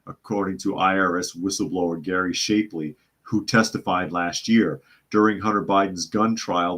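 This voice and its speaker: A man with a very deep voice hosts a live news commentary podcast. He reads reports and viewer comments aloud and breaks in with sardonic, skeptical asides in a loose, conversational way. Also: fairly bright tone. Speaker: podcast host.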